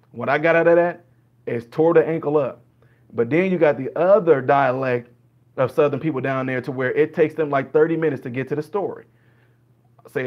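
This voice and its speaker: A man's voice: a little high, brisk, muffled recording. Chatty Jamaican man on a livestream. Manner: relaxed, chatty, answers viewers by name. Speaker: livestream host. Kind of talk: casual livestream chat with viewers.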